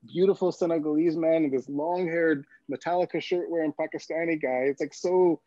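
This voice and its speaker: Laughing, mellow-voiced man. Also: a little high, steady tone, brisk, no room sound. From California. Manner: humorous, laughs often, repeats words. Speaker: guest. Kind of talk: personal storytelling in a talk. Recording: dull, dry lo-fi sound.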